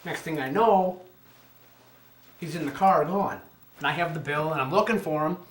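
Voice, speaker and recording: A man's voice: a little high, normal speed. A man in his twenties telling a story casually and with a lot of swearing, acting out what other people said. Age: 20s. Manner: animated, profane, acts out other people's lines. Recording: echoey room.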